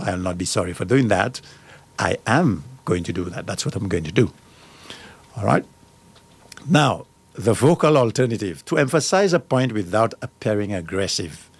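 A man's voice: on the low side, slightly rough, no echo. A middle-aged man hosting a radio talk show. He reads out points and breaks off into firm personal asides.

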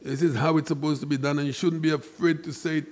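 A man's voice: on the high side, flat delivery, fast talker. Impassioned Saint Lucian man. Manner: emphatic, preachy, rising to loud outbursts. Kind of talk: impassioned monologue.

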